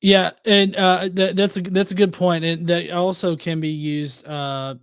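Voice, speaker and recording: Man, halting. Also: high voice, little pitch movement, smooth, no room sound. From Alabama, US. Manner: halting, many fillers and restarts. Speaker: debate guest. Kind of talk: casual chat.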